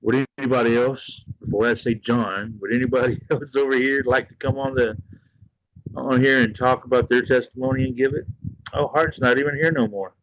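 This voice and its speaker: A man's voice: mid-range voice, steady tone, a little fast, no room sound, dull audio. A man hosting a casual livestream, talking in an earnest, rambling, heartfelt way. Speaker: livestream host.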